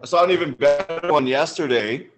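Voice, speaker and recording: A man's voice: a little high, brisk, over music. Man ranting in casual chat. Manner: annoyed, rambling anecdotes with restarts.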